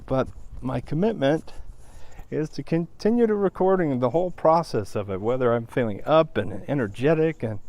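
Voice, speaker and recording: A man's voice: mid-range voice, lively intonation, moderate pace, darkish tone. A middle-aged man talking to viewers on a walk, out of breath and subdued, with sighs and restarts. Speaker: vlogger. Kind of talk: casual vlog monologue.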